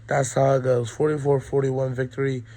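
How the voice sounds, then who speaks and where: A man's voice: mid-range voice, level tone, moderate pace, dark tone, no room sound, low-quality recording. A young man with a cold giving a rambling, opinionated college football recap, full of ums. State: sick, coughing. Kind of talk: casual sports recap monologue.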